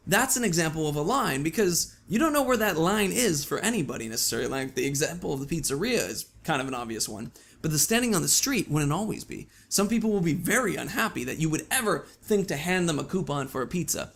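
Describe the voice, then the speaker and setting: A man talking casually to his channel in a chatty vlog, with the odd swear and animated asides. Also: on the high side, fast talker, vocal fry. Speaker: YouTube vlogger.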